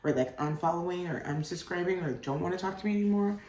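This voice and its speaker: A young adult woman, a mother, hosts a solo podcast, talking fast in a lowish, darkish-toned voice. She's candid and rambling, heavy on "like" fillers and swearing freely. The recording is roomy, her voice distant from the mic.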